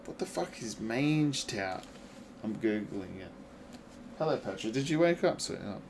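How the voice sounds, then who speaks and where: Male game streamer, casual and profane, laughs a lot, slow easy delivery. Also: lowish voice, animated, gravelly, a little mellow, slight background noise. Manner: swears freely, laughs often, talks back to chat. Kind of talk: casual gaming livestream chat.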